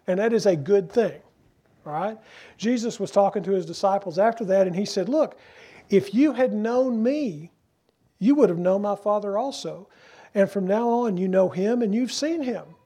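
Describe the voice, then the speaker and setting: A man preaching a sermon as pastor, earnest and emphatic, asking rhetorical questions and slowing down to stress key phrases. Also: high-pitched, warm tone, slightly rough.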